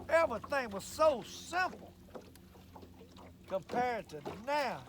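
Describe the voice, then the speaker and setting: A man's voice: high voice, noisy background. An older man, talking in a folksy, rambling way while he fishes from a boat on a lake. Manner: folksy, rambling, drawling country talk. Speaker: fishing show host. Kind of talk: casual fishing vlog monologue.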